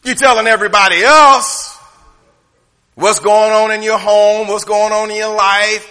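A man preaching a humorous, conversational sermon from the pulpit, swinging from loud to hushed. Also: high-pitched, steady tone, unhurried, clean tone, big-room sound. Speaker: pastor. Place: church sanctuary.

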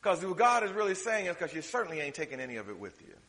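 A man preaching a sermon, swinging from loud, drawn-out declarations to hushed, quick asides. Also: on the high side, big pitch swings. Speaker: pastor. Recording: reverberant hall.

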